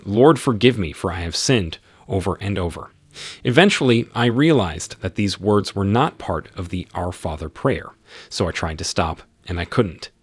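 A man, host of his channel, narrating a first-person story in an expressive reading style. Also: lowish voice, slightly rough, no room sound.

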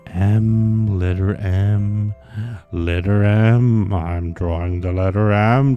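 A man's voice: fairly low pitch, steady tone, slow, dark tone, faint music behind. A man giving casual let's play commentary on a hidden-object game, grumbling sarcastically and swearing often.

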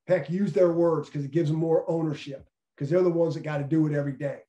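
A man's voice: fairly high pitch, steady tone, fast talker, dark tone. A middle-aged man, a former football coach, giving an earnest motivational leadership talk and repeating key phrases for emphasis. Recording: echoey room.

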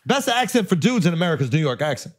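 A man hosting a podcast, telling a story in casual chat with animated, profane delivery. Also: a little high, very fast. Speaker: podcast host.

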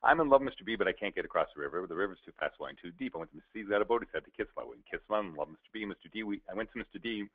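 A pleading young woman in love, as a male speaker puts her on speaks softly and earnestly. The lowish voice comes through a thin, phone-like recording. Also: lively intonation, rapid-fire, hardly any pauses, husky. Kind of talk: storytelling voices in a talk. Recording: tinny narrow-band recording.

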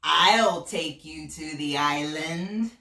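A woman voicing a hungry, scheming male crocodile in a storybook reading, slow and drawn out. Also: sits low, bright, forceful tone, heavily acted. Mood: sly. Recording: roomy, voice from a distance.

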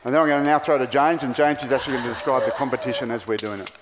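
A man presenting on stage at a conference, jokey and halting with fillers. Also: mid-range voice, fairly even intonation, big-room sound, noisy background. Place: large conference hall.

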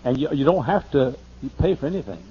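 A man pastor telling a humorous, folksy story during a sermon, slowing down to list items one by one. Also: medium pitch, sing-song. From United States. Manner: folksy and humorous, lists things slowly. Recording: muffled older sermon tape.

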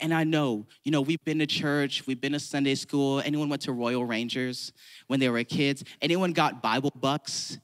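A man preaching a sermon to a church congregation, conversational and playful, acting out mock prayers. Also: medium pitch. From California. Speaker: pastor.

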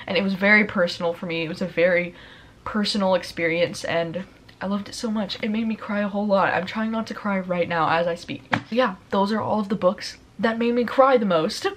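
A young woman in a casual book vlog, talking about her favorite reads in an emotional, gushing way. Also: mid-range voice. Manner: emotional, gushing, tearful at times. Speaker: book vlogger.

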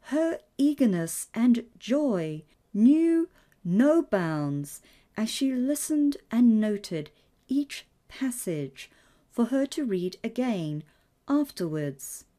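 A woman reads a devotional story aloud in a measured, reverent manner. Her voice is mellow and a little high, with a slow pace and a lively, expressive melody.

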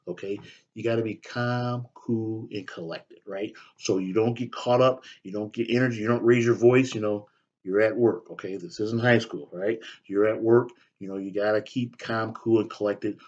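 A man's voice: lowish voice, darkish tone, slightly rough, muffled recording. A man who works as a staffing recruiter, giving blunt career advice in a casual talk to camera, often checking in with "okay?" and "right?". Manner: direct, repetitive, punctuates with "okay?" and "right?".

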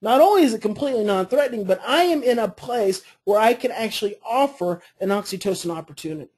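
A woman coaching a parenting class, explaining earnestly and modeling calm phrases to say. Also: medium pitch, quick pace, breathy edge.

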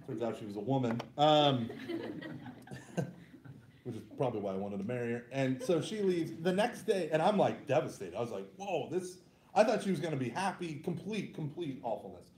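A man's voice: mid-range voice, moderate pace, reverberant, a little hiss or hum. A man, telling funny self-mocking stories to a group as a youth minister. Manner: self-deprecating, animated, laughs at own stories. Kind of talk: humorous personal storytelling talk.

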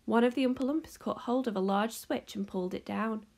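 Teacher lady reading a kids' book, high voice, bit of gravel in it. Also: fairly quick. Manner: expressive, animated reading. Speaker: teacher reading a class novel. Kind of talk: storybook read-aloud.

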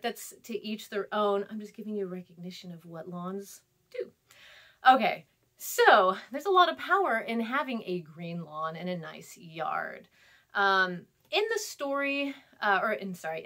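A chatty woman in her thirties talks through a class reading in a loose, rambling way. She fills her talk with ums, laughs and little acted-out quotes. Her voice sits at a middle pitch. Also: fairly bright tone. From California, US. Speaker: instructor. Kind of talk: recorded lecture.

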